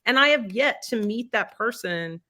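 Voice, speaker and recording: A woman's voice: fairly high pitch, animated, moderate pace, sharp tone. A woman talking as a writer guest on a podcast, earnest and reflective, speaking from her own experience in casual conversation.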